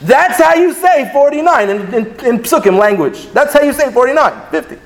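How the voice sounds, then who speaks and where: A man gives a Talmud class in an animated, sing-song delivery, stopping to restart his sentences. His voice sits high for a man. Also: normal speed. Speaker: Torah teacher. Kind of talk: Talmudic lecture.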